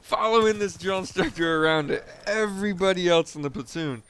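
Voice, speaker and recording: A man's voice: sits high, brisk, fairly bright tone, slight background noise. A young man casually retelling a boot camp story, loose and profane, chuckling now and then. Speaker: storyteller, former Marine recruit.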